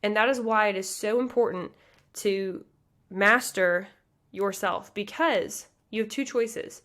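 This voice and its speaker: Passionate fast-talking woman coach. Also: medium pitch, a bit bright. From US Midwest. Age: 30s. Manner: earnest, fast and passionate, with many "like" and "you guys" fillers. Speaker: pageant coach and podcast host. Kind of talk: motivational podcast monologue.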